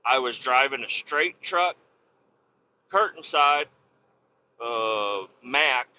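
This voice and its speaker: A man's voice: medium pitch, slow, lo-fi sound, slight background noise. A man hosting a podcast, casually telling a story with a lot of cursing and repeating himself. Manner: profane, animated, repeats himself.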